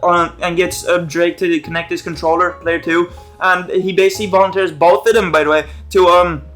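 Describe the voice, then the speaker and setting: High-voiced male commentator, rambling and profane. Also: little pitch movement, a little fast, a bit bright, faint music behind. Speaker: YouTube commentator. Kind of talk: casual TV episode commentary.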